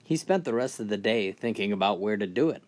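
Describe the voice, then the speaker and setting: A man telling a string of crude jokes in a steady, scripted narration voice. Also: lowish voice, brisk. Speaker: joke teller.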